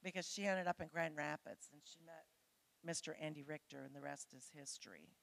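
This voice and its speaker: A woman's voice: sits low, a little fast, creaky. A middle-aged woman, a pastor's wife, giving a conversational sermon to her church, full of family stories and told in a chatty, candid way. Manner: chatty and candid, with laughs and mimicked voices.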